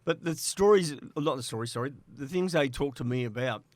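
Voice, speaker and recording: Middle-aged Australian man, podcast guest, anecdotal storyteller, close and dry sound, mid pitch. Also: fairly quick, dry recording. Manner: chatty storyteller, acts out quoted dialogue, laughs between lines. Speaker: interview guest, former player agent. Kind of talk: casual podcast interview.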